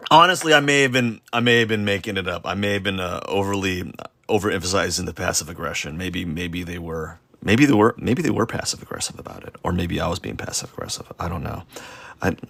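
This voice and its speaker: A man's voice: sits low, fairly quick, gravelly, bright, forceful tone, dry recording. A man chatting casually during a live drawing stream, rambling and self-deprecating, with lots of fillers and false starts. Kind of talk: casual rambling chat while sketching.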